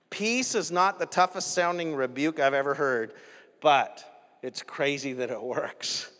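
A man preaching a sermon in an animated, conversational way, often laughing between points. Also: medium pitch. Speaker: pastor. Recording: echoey hall with long reverb.

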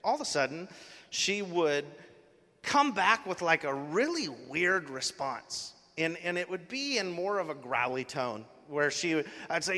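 Bright-voiced man telling a story in a reverberant hall. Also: a little high, lively intonation, normal speed. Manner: casual, earnest storytelling with many fillers and restarts. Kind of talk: sermon storytelling.

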